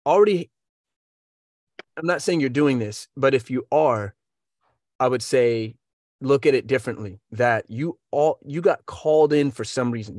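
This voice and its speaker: A man's voice: medium pitch, no room sound, studio quality. An American man coaching on voiceover work, giving casual advice with energy and playful sound effects. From United States.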